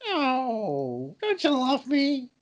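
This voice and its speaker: Woman doing a squeaky clingy male actor impression. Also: huge pitch swings, lo-fi sound, heavily acted. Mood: creepy wheedling. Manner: wheedling, squeaky, drawn-out. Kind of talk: comic impression in podcast banter.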